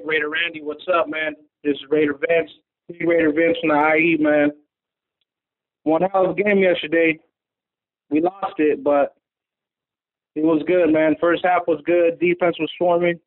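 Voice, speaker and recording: Male caller, upbeat fan recap, slightly high voice; thin phone-line audio. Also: vocal fry. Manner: upbeat, says man constantly. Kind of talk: excited fan call over the phone.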